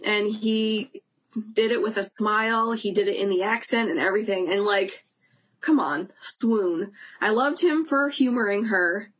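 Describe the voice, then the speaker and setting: A woman's voice: medium pitch, normal speed, fairly bright tone. A young woman co-hosting a podcast, chatting casually and gushing about fan events, laughing often. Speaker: podcast co-host. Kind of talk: casual chat.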